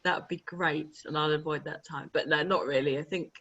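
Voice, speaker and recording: A woman, a guest telling lively anecdotes in a casual interview chat. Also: low-pitched, brisk, breathy edge, muffled recording. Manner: animated, laughing, chatty anecdotes. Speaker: guest, author and publisher. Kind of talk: casual conversational storytelling.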